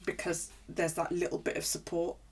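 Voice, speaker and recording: Chatty woman, lowish voice. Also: monotone, moderate pace, breathy edge. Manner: chatty, rambling storyteller who swears freely. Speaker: streamer. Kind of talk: casual chat while journaling on stream.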